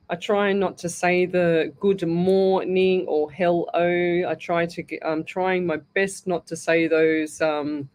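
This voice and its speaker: A middle-aged woman with an Australian accent runs a live call-in radio show as a psychic medium. She talks in a chatty, rambling way, reading out listeners' names and musing aloud. Her voice sits a little low for a woman. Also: darkish tone. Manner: chatty, greets listeners by name, thinks aloud.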